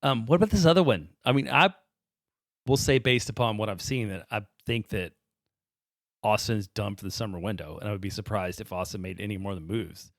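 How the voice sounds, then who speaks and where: A man co-hosting a casual soccer podcast, relaxed and quick to laugh as he reads listener questions. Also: lowish voice, no echo, clean studio sound. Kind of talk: casual chat.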